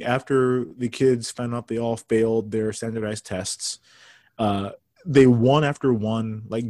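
A man's voice: mid-range voice, no room sound. Man chatting casually, dry close sound. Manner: relaxed, chuckling, recounting lines. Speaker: podcast host. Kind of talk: casual podcast chat.

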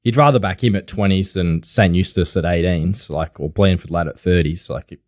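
An Australian man giving racing tips in a casual, measured way with plenty of fillers. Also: low voice, darkish tone, dry recording, clean studio sound. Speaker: horse racing tipster. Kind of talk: casual racing analysis chat.

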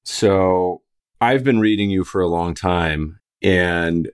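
A man's voice: deep voice, takes it slowly, clear, resonant tone. An American man hosting a podcast, chatty and upbeat, introducing his guest, reading an ad and joking around. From United States. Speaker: podcast host. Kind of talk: casual interview chat and read ad.

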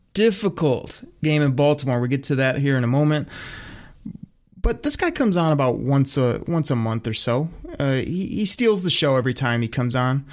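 Worked-up male sports podcast host. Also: on the high side. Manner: worked-up, exasperated ranting with many "I mean"s. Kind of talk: casual sports podcast chat.

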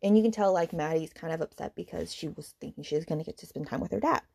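A woman's voice: low voice, fast, vocal fry, darkish tone, breathy edge. A woman hosting a book podcast, retelling a plot in a heated, exasperated casual rant, with swearing and lots of "like" and "okay". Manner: many fillers like "like" and "okay".

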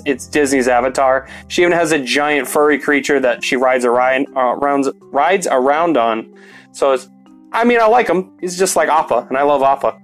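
A young man giving a casual movie review, rambling and full of fillers, swearing now and then. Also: on the high side.

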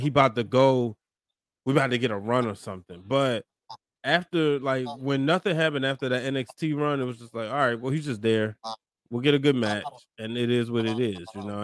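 A man's voice: mid-range voice, no room sound, studio quality. A man in his thirties co-hosting a podcast, talking loosely and agreeably with slang. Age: 30s. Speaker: podcast co-host. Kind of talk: casual wrestling chat.

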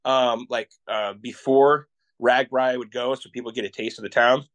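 Excitable iowa guy on a podcast, telling road-trip food stories, laughing along. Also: medium pitch, normal speed. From Iowa, USA. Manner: animated, excitable storyteller who laughs often. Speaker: podcast guest, Iowa travel show creator. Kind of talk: casual interview storytelling.

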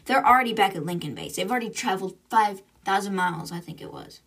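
A young woman hosts a casual book podcast, recapping chapters in a chatty way and tossing in side comments. Her voice is husky and she sits a little back from the microphone. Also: mid-range voice, animated, fast talker, fairly bright tone, far from the mic. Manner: chatty, retells with asides. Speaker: podcast host.

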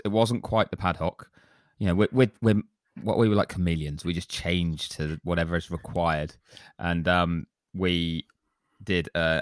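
A low-pitched man hosts a casual podcast, chatty and self-deprecating as he reads listener reviews aloud. His voice is deep, and the sound is dry and close to the mic. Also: fairly bright tone, no echo. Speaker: podcast host.

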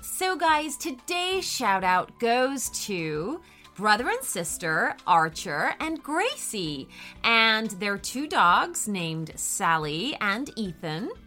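A woman's voice: medium pitch, slow pace, faint music behind. A woman hosting and narrating children's storybook stories, upbeat and speaking straight to the kids. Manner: upbeat, lively, addressing kids directly. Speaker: host and storyteller.

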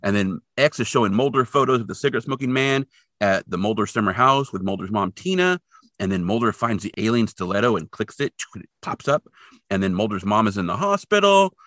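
A man telling a story in a lively, swooping voice, bright and forward in tone. He recaps an episode in casual podcast chat and throws in playful sound effects along the way. The recording is close and dry, with no room sound. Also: on the low side, brisk, no echo. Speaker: podcast co-host.

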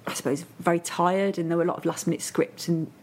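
A woman's voice: fairly low pitch, steady tone, quick pace, a little mellow. A northern English woman chatting as a podcast guest, telling stories with plenty of fillers and restarts. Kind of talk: casual chat.

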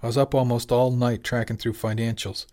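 A man's voice: medium pitch, little pitch movement, fairly quick, dark tone, close to an everyday voice. A man reading an audiobook, voicing a worn-out, irritable fisherman who sounds weary and grumbling. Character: exhausted male fisherman, irritable.

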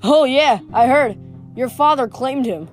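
A woman reading the part of a smooth, scheming teenage boy villain in an audiobook, with a mocking manner. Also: sits high, measured pace, soft background music, pitched above the performer's own voice. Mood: taunting.

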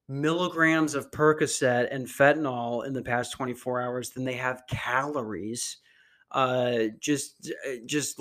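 A man's voice: medium pitch, fairly bright tone. A young man hosting a solo podcast, rambling and profane with many restarts and fillers, recorded on a computer mic. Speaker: podcast host. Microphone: computer mic on a video call.

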